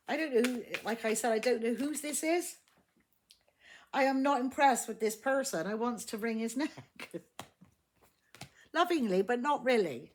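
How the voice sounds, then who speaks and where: A woman's voice: on the high side, animated, unhurried, pauses often, a little hiss or hum. A woman giving a casual tarot reading, blunt and exasperated, swearing heavily and laughing often. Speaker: tarot reader.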